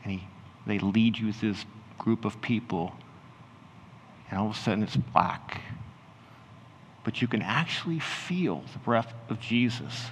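Low gravelly pastor in a reverberant hall. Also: male voice, lively intonation, slight background noise. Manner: slows and softens into hushed storytelling. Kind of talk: guided imagination sermon. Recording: roomy hall reverb, faint ambience.

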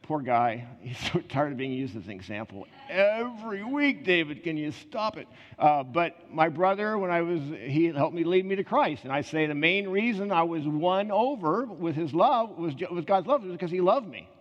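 A man preaching a conversational sermon, telling personal stories in an earnest way with quick asides and restarts. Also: fairly high pitch, expressive. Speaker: pastor. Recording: reverberant hall, slightly muffled.

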